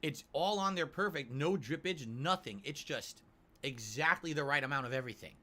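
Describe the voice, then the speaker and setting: A man reviewing a sandwich on stream while he eats, describing each bite slowly and with relish. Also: fairly high pitch, animated, bright, forceful tone. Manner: savoring, drawn-out descriptions between bites. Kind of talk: food review while eating.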